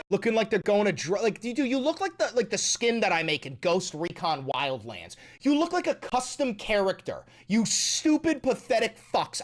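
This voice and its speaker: A man's voice: sits high, a little hiss or hum. A man streaming live reaction commentary, heated and mocking, swearing often.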